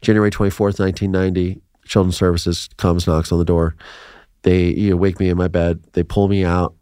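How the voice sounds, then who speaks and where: A man in his forties from Ohio, telling his life story as a podcast guest in an animated way, acting out quotes and laughing between lines. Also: low-pitched, a little fast, clean tone, no room sound, studio quality. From Ohio, USA.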